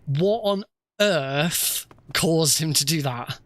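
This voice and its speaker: A man's voice: a little high, takes it slowly, a bit bright, no room sound. A man chatting casually while streaming a game, joking at his own expense and laughing often. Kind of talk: casual gameplay livestream commentary.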